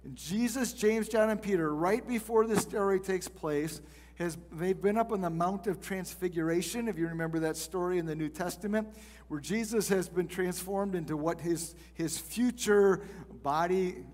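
Guy preaching a casual bible sermon, fairly high voice, big echoey hall. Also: darkish tone. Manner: conversational Bible teaching, acting out quotes. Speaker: pastor.

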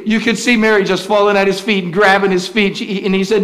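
A pastor with a notably high voice delivers a sermon in a folksy, storytelling manner. He often backs up and restarts his sentences as he talks. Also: fairly even intonation, fairly quick, hardly any pauses, a bit bright.

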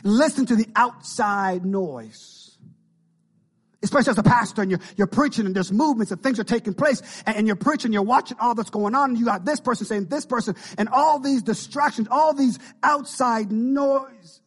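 A man's voice: extremely high pitch, moderate pace, slightly rough. A male pastor preaching an impassioned sermon and calling out to his congregation.

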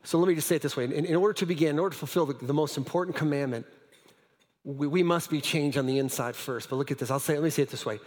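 A high-pitched male pastor delivers a sermon in a church hall with a long echo, speaking rapid-fire. He tells his story with stumbling restarts before sinking into hushed lines.

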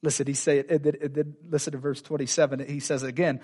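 A man preaching a sermon in a church, animated, repeating phrases and acting out quoted voices. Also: fairly high pitch, fast, few pauses. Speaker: pastor. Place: church sanctuary.

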